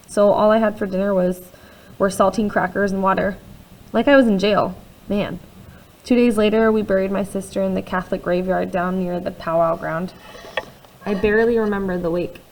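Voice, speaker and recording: A woman's voice: medium pitch, poor audio. Woman reading a first-person novel, confiding. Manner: quiet, confiding, with conversational asides. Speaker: audiobook reader.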